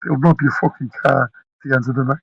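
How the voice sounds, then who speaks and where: A middle-aged man from Liverpool with a softened Scouse accent, talking bluntly and emphatically in a casual chat and swearing freely. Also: mid-range voice, steady tone, fast talker, creaky, husky, no room sound, muffled recording. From Liverpool, England. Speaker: panel guest.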